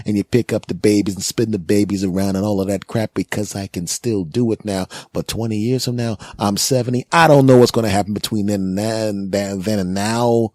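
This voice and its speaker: A man in his forties hosting a comedic monologue, rambling and animated, often checking in with "right?". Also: lowish voice, a little fast, few pauses, no room sound, studio quality. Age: 40s. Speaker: podcast host.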